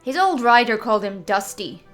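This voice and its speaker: A woman voicing a burly, scarred northern warrior man who talks in a slow, jovial, teasing drawl. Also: fairly high pitch, sing-song, fairly bright tone, soft background music. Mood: hearty teasing. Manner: slow drawling commoner talk.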